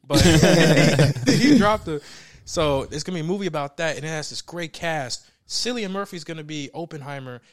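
A man co-hosting a casual chat, telling stories with loud laughing outbursts and mimicked voices. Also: a little high, moderate pace, few pauses. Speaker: podcast co-host.

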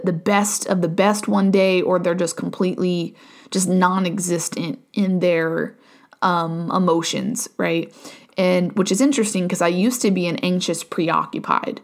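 A woman hosting a solo podcast, talking candidly and earnestly with frequent fillers and tag questions. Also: on the low side. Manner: candid and earnest, frequent "right?" and "um", some swearing. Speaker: podcast host. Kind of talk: casual solo podcast monologue.

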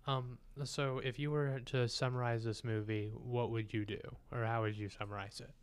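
A man's voice: medium pitch, little pitch movement, normal speed, smooth. A man co-hosting a film podcast, telling stories and joking in casual chat. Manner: storytelling, joking. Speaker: podcast co-host.

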